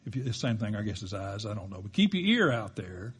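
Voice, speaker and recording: A man's voice: lowish voice, very animated, quick pace, few pauses, slightly rough. A man preaching a sermon in a church, emphatic and building to strong peaks, with joking asides to the congregation. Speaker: pastor.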